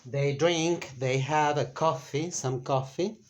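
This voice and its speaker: Talking slowly through a casual lesson, the male Spanish teacher thinks aloud, stumbling over fillers and correcting himself often. His pitch is on the high side.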